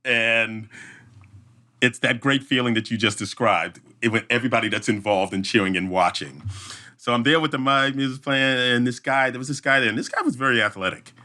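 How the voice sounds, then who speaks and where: Bright-voiced man telling a lively story. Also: mid-range voice, a little fast. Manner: vivid storyteller who acts out voices and sound effects. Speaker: obstacle race emcee, podcast guest. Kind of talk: animated storytelling in a podcast interview.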